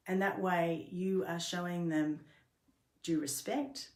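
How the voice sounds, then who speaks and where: A woman's voice: fairly low pitch, steady tone, slow. A middle-aged woman, a workplace trainer, giving an earnest instructional talk and explaining things step by step, sometimes restarting her sentences. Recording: roomy echo.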